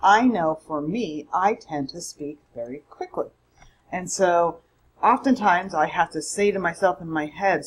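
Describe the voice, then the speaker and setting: A woman's voice: on the low side, normal speed, slightly rough, poor audio. A woman instructor giving a conversational, emphatic recorded mini-lecture from home. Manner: conversational, emphatic, self-correcting. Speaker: college public speaking instructor.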